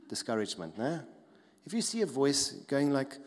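Pastor preaching in a hall. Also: male voice, medium pitch, moderate pace. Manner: animated, conversational, with tag questions. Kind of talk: sermon. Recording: long hall reverb.

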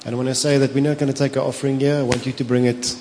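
A pastor with a South African accent, preaching a sermon, telling stories with animation, slipping into Afrikaans and laughing often. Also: male voice, medium pitch, little pitch movement, very fast, a little mellow, a little hiss or hum. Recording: long hall reverb with faint ambience.

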